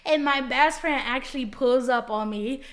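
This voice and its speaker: Excited woman with a somewhat high voice. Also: normal speed. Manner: animated, excited, acts out her own reactions. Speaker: wife telling how the couple met. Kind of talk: casual storytelling.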